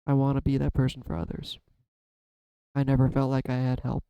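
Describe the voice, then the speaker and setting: A man's voice: medium pitch, completely flat delivery, brisk, creaky, smooth, no room sound, lo-fi sound. A man talking heartfelt and personal to his viewers, holding back tears, searching for words and trailing off. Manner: emotional, searching, trails off and restarts. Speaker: YouTube card-reading vlogger. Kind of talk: heartfelt personal talk to camera.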